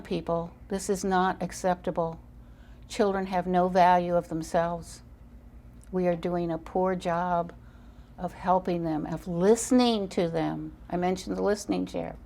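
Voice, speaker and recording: An older woman speaking as a guest in an interview, earnest and emphatic. Her voice sits fairly low and carries a gravelly fry. She tells stories and drives each point home. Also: fairly even intonation, measured pace, mellow. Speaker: parenting guest. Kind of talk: interview storytelling.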